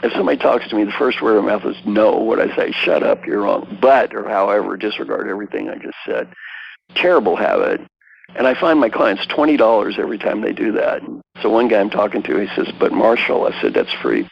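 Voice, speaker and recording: A man's voice: on the low side, quick pace, vocal fry, breathy edge, lo-fi sound. An older man, an executive coach as a guest, telling stories emphatically and acting out the people he quotes. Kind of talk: storytelling interview talk.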